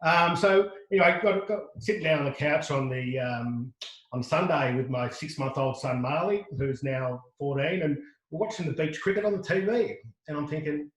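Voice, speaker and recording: A middle-aged Australian man, a podcast guest, tells a lively anecdote full of restarts and quoted dialogue. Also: on the high side, quick pace, roomy sound, low-quality recording. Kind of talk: casual storytelling.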